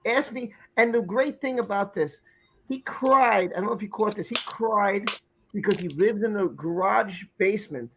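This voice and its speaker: A man's voice: sits high, fairly quick, hardly any pauses, muffled recording, noisy background. A man with a Brooklyn accent hosting a live stream chat, talking emphatically and effusively, often repeating himself. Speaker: host.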